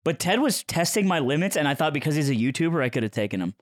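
A little high and fast, a male podcast co-host animatedly recounts a story in easygoing chat, voicing what others said. The recording is dry and studio quality.

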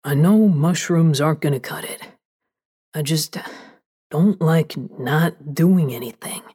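Woman voicing a husky, easygoing young man. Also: deep voice, a little slow, warm tone, voice pushed down. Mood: earnest. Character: laid-back, eager-to-help young man. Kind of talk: audiobook character voice.

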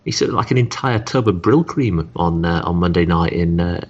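A man's voice: low voice, moderate pace, highs cut off. An English man in his thirties co-hosting a podcast, wry and dismissive, rambling with many fillers. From England. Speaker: podcast co-host. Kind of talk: casual chat.

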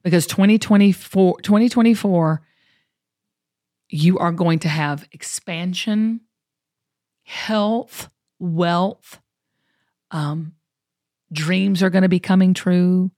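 A woman's voice: on the low side, slow, long pauses, warm tone, no room sound, clean studio sound. Upbeat woman hosting a chat show. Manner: upbeat, motivational, uses y'all. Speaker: show host. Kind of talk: casual chat.

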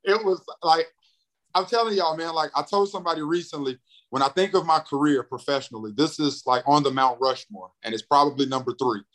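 A man's voice: quick pace, rough recording. A young man from North Carolina, a comedian and radio host, telling his story in a casual interview and acting out quotes. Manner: animated, acts out quotes with big pitch jumps.

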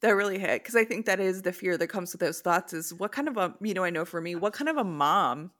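A woman's voice: on the low side, lively intonation, fairly quick, a bit bright. A woman hosting a podcast, reading listener stories aloud and then chatting candidly with her guest. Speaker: podcast host. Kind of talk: casual podcast conversation.

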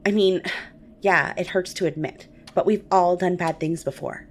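A woman's voice: fairly low pitch, moderate pace. A woman playing a squeamish, fussy and nervous young woman in an audio drama.

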